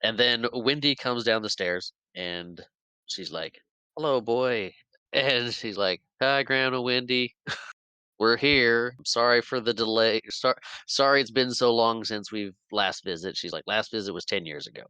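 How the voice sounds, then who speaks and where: Bright, clear-voiced man recapping a movie. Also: lowish voice, a little slow, no echo, rough recording. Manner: animated retelling, acts out character lines with laughs. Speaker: podcast co-host. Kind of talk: casual movie recap chat.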